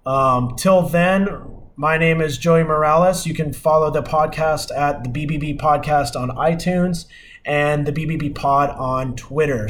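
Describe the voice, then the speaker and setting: A young man hosts his podcast alone, telling a story in a loose, rambling way full of fillers and false starts. His voice sits a little high for a man. A faint hiss of background noise runs under the recording. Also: fairly bright tone. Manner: rambling, many fillers and restarts, exasperated retelling. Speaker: podcast host. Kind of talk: casual storytelling.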